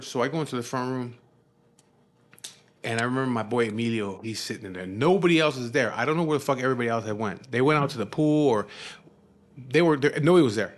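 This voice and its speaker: A man's voice: mid-range voice, fast, a bit bright. A man with a Chicano English accent telling a rambling, profane story from his past in casual speech, full of fillers and restarts.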